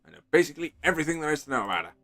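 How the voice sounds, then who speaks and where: A jittery, scatterbrained little mayor from a cartoony game, as a man puts him on, talks in a raised, bouncy voice. He rambles and tends to repeat himself. A soft melody plays quietly underneath. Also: fairly high pitch, very animated, racing, no echo, faint music behind, pitched above the performer's own voice. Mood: rambling. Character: flustered, rambling small-town mayor creature. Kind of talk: voice acting while playing a game.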